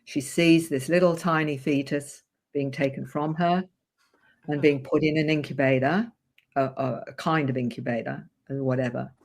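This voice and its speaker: A woman's voice: sits low, steady tone, moderate pace, darkish tone. A woman therapist, a guest on a radio show, earnestly recounting a client's story in vivid detail. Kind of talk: interview storytelling.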